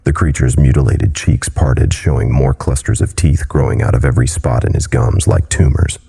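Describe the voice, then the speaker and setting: Dark husky guy reading a scary story slow and grave. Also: a bass voice. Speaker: horror story narrator. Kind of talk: scripted horror narration. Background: faint music.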